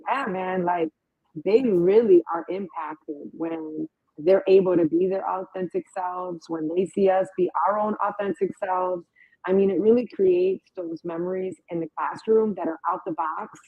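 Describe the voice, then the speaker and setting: A woman's voice: on the low side, creaky, slightly rough, dry recording. A woman hosting an interview, speaking casually and emphatically, often adding "right?". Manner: emphatic, uses rhetorical "right?". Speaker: host. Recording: dry tinny phone-like line.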